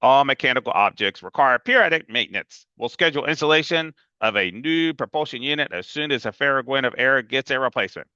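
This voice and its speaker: A man's voice: medium pitch, expressive, fast talker, few pauses, bright, forceful tone, clean tone, no room sound, muffled recording, voice pushed up. A man doing a tiny brainy boy. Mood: lecturing. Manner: formal, precise wording.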